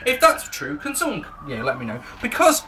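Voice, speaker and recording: A man's voice: very high-pitched, huge pitch swings, a little fast, sharp tone, slight background noise. A man with an English accent giving a casual, sweary, ranting review of a wrestling show. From England.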